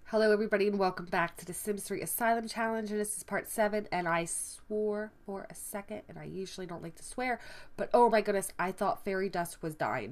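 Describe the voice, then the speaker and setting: A woman hosting a let's play video, excitably commenting on the game and exclaiming at surprises. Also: medium pitch. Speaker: gaming video host.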